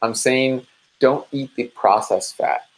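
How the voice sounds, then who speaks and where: This dietitian hosts a live support session as a casual stream of advice, sounding upbeat, energetic and chatty at a slow pace and medium pitch. He calls his viewers "guys" and acts out listeners in animated quoted asides, though the audio quality is poor.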